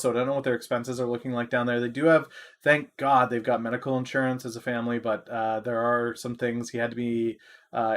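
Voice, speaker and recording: A man's voice: medium pitch, fairly bright tone. A man hosting a casual live stock market stream, rambling and answering viewers' chat.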